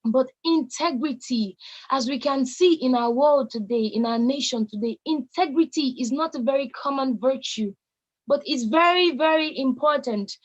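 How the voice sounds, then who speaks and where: A woman's voice: sits high, moderate pace, lo-fi sound. A Nigerian woman in her late teens giving an emphatic, repetitive motivational speech to young people. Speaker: youth speaker.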